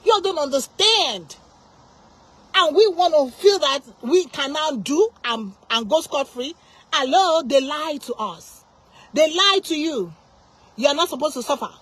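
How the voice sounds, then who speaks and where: A woman's voice: high voice, expressive, a little slow, fairly bright tone. A woman preaching an informal sermon, impassioned and full of repeated rhetorical questions.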